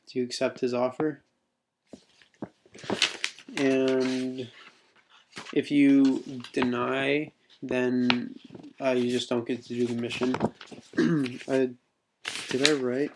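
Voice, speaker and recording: A man's voice: mid-range voice, little pitch movement, takes it slowly, pauses often, background noise. A man reading his own second-person adventure text aloud, unpolished, with spoken asides.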